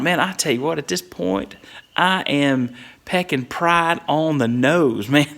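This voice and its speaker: A middle-aged man from tells a comic story in a relaxed, conversational way. His voice sits a bit high for a man and has a gravelly, fry-laden texture, and he breaks into little chuckles throughout. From Whitley County, Kentucky.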